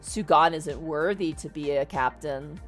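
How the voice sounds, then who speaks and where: A woman putting on a scheming male space marine traitor, cold and sly, dropping her voice well below her own into a quiet, murmured menace. His lines come soft and calculated, with faint music behind. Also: low-pitched, measured pace, pitched below the performer's own voice. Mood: sinister.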